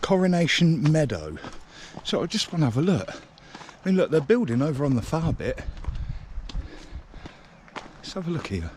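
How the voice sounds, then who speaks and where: Excitable man on an outdoor walk. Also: fairly high pitch, normal speed, pauses often. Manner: chatty, excitable, talking to the camera. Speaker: railway enthusiast vlogger. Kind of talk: walking vlog commentary. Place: outdoors on a path beside a railway line. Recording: outdoor street noise.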